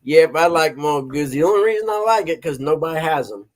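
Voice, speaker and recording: A man's voice: on the high side, lively intonation, fast. A middle-aged man hosting a casual live stream, chatting and greeting viewers by name. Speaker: stand-in host of a live stream.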